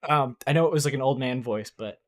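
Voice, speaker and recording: A man narrating as game master in a tabletop game, casual and halting, with many fillers. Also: medium pitch.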